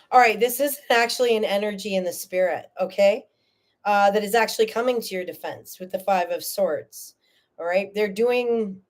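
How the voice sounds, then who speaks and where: A woman giving a live tarot reading, chatty and animated, often checking in with "okay?" and "all right?", and tearful at times. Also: medium pitch. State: tearful, emotional. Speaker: tarot reader.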